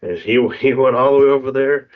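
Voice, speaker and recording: A man's voice: mid-range voice, fairly quick. A man co-hosting a podcast, telling a story in a laid-back casual chat and laughing often. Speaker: podcast co-host. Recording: dull lo-fi sound.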